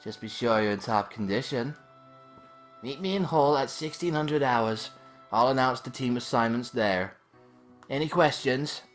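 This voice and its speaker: A man's voice: mid-range voice, unhurried, faint music behind, natural voice. A man voicing a prim young female instructor in a video game, with a mock-posh delivery. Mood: instructive.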